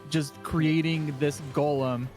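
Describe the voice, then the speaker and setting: A man's voice: fairly high pitch, steady tone, takes it slowly, darkish tone, soft background music. A man rambling through a long story in a casual live-stream chat, heavy on fillers.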